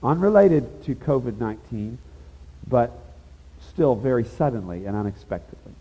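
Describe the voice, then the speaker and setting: A man's voice: mid-range voice, lively intonation, normal speed, warm tone. A man preaching a sermon in a conversational, emphatic way, with casual asides to his listeners. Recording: dull lo-fi sound with long reverb.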